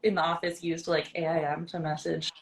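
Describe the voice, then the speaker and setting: A woman voice actor in casual chat, telling animated stories, acting out lines of dialogue and laughing often. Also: low voice, a little fast, vocal fry, rough recording.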